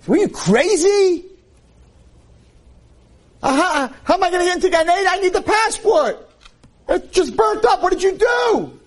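A man voicing a panicked, uneducated man in the afterlife, yelling in a high, frantic voice. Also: expressive, measured pace, long pauses.

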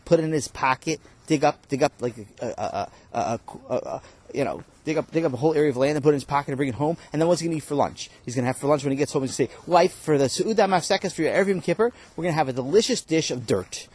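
A man voicing an excitable boy student who mockingly argues his point. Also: fairly high pitch, rapid-fire. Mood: worked up. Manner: agitated, mocking, emphatic.

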